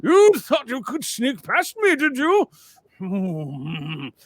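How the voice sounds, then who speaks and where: A man voicing a huge, touchy old mountain spirit in a tabletop game, speaking in slow, drawn-out, thundering demands. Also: very high voice, wildly swooping pitch, no echo, pitched above the performer's own voice, heavily acted. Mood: scolding.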